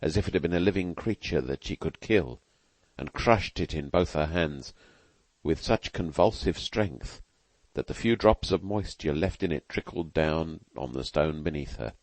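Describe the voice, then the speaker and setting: A man narrating a classic novel as an audiobook in a measured, earnest reading. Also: very deep voice, animated, darkish tone, dry recording. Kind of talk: scripted narration.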